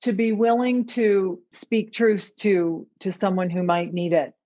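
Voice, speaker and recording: A woman's voice: medium pitch, steady tone, measured pace, warm tone. A woman hosting a podcast who reflects thoughtfully and laughs often. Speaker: podcast host. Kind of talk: conversational interview. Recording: dull lo-fi sound.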